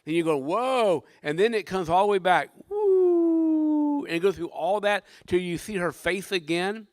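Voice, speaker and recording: An older man, a pastor, delivering a sermon with dynamic preaching that swings from loud emphasis to hushed tones. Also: sits high, fairly even intonation, a little fast, clear, resonant tone, no echo.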